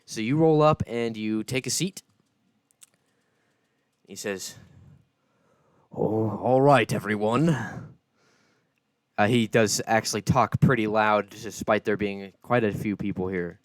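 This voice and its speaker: A man with a low voice runs a tabletop session at an unhurried, easy pace. His voice is clear and close, with no room echo. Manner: laid-back, descriptive narration. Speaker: game master. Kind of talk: narrating a tabletop game.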